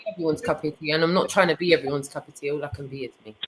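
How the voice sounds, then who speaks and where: A woman's voice: deep voice, steady tone, racing, low-quality recording. Defiant British woman, blunt and slangy. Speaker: co-host. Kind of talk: casual online conversation.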